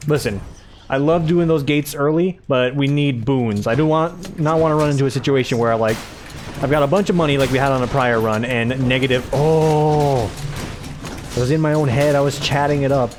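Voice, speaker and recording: A man's voice: medium pitch, fairly quick, slight background noise. Chatty man rambling over gameplay. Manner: rambling, chatty, self-mocking asides. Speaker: gaming video host. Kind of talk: casual let's-play commentary.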